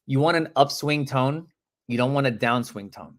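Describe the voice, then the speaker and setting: A man coaching real estate agents live, animated and emphatic, acting out phone calls and calling out viewers by name. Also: medium pitch, normal speed.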